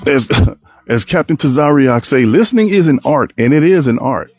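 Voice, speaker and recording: A man hosting a solo podcast, talking to his viewers in an animated, rambling way and acting out the people he quotes. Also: mid-range voice, normal speed, faint music behind. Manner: animated, plays out quoted voices, rambling restarts. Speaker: podcast host. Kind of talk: solo opinion talk to viewers.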